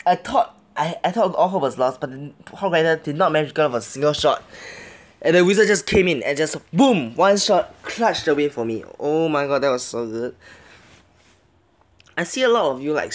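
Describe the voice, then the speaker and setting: A young man giving live gameplay commentary, excitable, muttering his plans, then pleading and yelping as matches turn. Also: medium pitch. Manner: excitable, swings between muttering plans and loud yelps; pleads and begs at the game. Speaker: game commentator.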